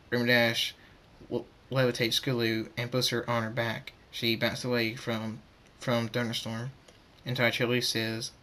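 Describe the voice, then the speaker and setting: A man reading a fan story aloud, halting and repeating words as he goes. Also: medium pitch, monotone, bright, forceful tone.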